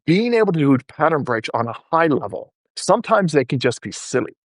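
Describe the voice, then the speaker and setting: A man's voice: fairly high pitch, a little fast, no room sound, studio quality. A male podcast host telling stories in a casual interview chat and acting out the people he quotes. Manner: animated, acts out quoted people in his stories.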